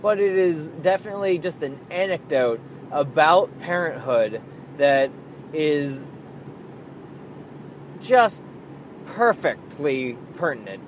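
A young father speaks frankly about raising his daughter, slipping easily into swearing. His voice sits slightly high for a man and he takes his time with each thought. A faint steady hum runs underneath the recording. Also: takes it slowly, long pauses, rough recording. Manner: candid, swears freely, acts out his own outbursts. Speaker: parent talking about raising a child. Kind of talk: casual monologue.

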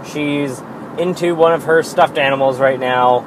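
A man talks through a solo podcast in an unhurried, drawn-out way, rambling and poking fun at himself, with plenty of filler words. His voice sits at an ordinary pitch. A steady hiss of background noise runs under the recording. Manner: rambling, self-deprecating, with frequent fillers and swearing; slow and drawn-out. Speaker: podcast host. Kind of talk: casual solo podcast monologue.

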